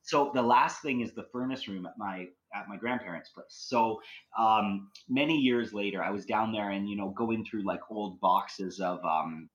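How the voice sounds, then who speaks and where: A man's voice: lowish voice, moderate pace. A man telling ghost stories as a podcast guest, rambling with many likes and restarts. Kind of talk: casual storytelling.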